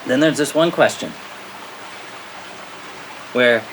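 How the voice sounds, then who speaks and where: An American man, a spiritual teacher, telling a story to his listeners in a lively way, often checking in with "okay?" and laughing at himself. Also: mid-range voice, slow, low-quality recording. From United States. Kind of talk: storytelling talk to a spiritual audience. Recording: steady rain-like background noise.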